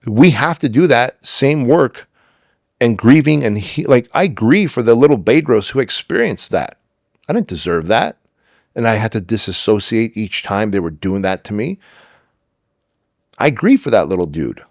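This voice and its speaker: A man's voice: mid-range voice, big pitch swings, moderate pace, dry recording, studio quality. A middle-aged man speaking as a podcast guest, telling personal stories emphatically, acting out dialogue and swearing now and then. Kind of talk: candid storytelling interview.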